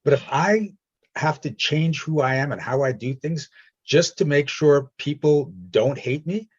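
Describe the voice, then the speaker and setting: Man coaching in a husky voice. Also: fairly high pitch, measured pace, highs cut off. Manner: direct, reassuring, retells stories with quoted voices. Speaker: energy healing coach. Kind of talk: coaching session.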